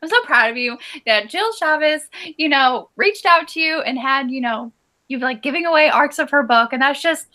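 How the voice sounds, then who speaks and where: A woman's voice: high voice, animated, normal speed, sharp tone. A woman co-hosting a book club livestream, gushing and affectionate, laughing a lot as she chats. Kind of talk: casual chat.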